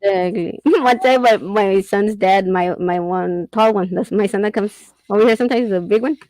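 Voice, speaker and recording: A woman's voice: mid-range voice, moderate pace, a little mellow, no echo, poor audio. A middle-aged woman chatting candidly and casually, swearing and laughing often as she talks. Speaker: host. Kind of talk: casual chat.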